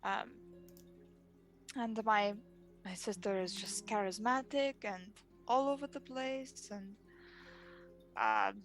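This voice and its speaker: A woman playing an earnest young adventurer in a tabletop game, talking haltingly with frequent pauses and fillers while attempting an accent. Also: medium pitch, lively intonation, a bit bright, soft background music. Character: earnest young adventurer in their twenties, eldest sibling.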